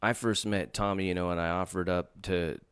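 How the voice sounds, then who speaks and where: A podcast host from Southern California with a slight Southern American drawl, chatting casually in a rambling, profane way. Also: male voice, deep voice, steady tone, moderate pace, smooth, no room sound, clean studio sound. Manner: rambling and profane, full of filler phrases. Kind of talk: casual chat.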